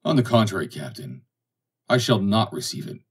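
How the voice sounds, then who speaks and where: A man's voice: on the low side, big pitch swings, moderate pace, husky, far from the mic, exaggerated voice. A man reading the lines of a defiant, hard-drinking, educated sailor, speaking with passion and indignation. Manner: impassioned, indignant. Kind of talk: audiobook dialogue reading.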